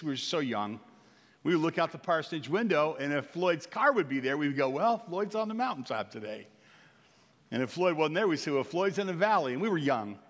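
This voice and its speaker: A middle-aged male pastor preaching a sermon to his congregation, telling stories with jokey asides and swinging from quiet to loud. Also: on the high side. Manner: storytelling, jokey asides, animated swings in volume. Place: church sanctuary. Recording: long hall reverb.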